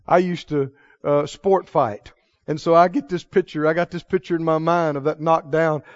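A man preaching a sermon, chuckling often and swinging from hushed storytelling to loud proclaiming. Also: fairly high pitch, steady tone, normal speed, no room sound. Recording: dull lo-fi recording.

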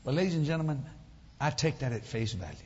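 Animated preacher man. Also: mid-range voice, quick pace, very noisy. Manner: animated, laughing, folksy storyteller. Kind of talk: humorous storytelling sermon. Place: church sanctuary. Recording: echoey church hall, slightly dull.

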